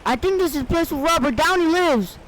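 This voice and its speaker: A man playing a video game and commenting on it, excitable and frantic, often shouting out in bursts and talking to himself in casual slang. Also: extremely high pitch, brisk, slight background noise. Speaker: gaming video creator.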